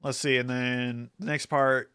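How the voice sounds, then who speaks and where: A man's voice: mid-range voice, level tone, a little slow, pushed and bright, clear, resonant tone. A man streaming casually, rambling with lots of fillers and frequent laughter, hyped up from an energy drink. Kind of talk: casual livestream chat.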